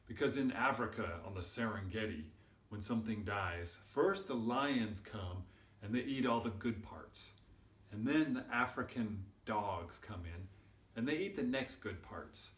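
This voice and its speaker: A man telling a silly story to children, animated and exaggerated, building up to loud shouts. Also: mid-range voice. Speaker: storyteller and channel host. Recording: roomy sound from a distant mic.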